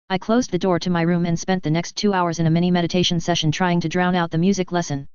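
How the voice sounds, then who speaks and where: A woman narrating a first-person story in a steady, even reading voice. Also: on the low side, fast talker, hardly any pauses, clear, resonant tone, no room sound. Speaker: fan fiction reader. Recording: dry, slightly dull lo-fi recording.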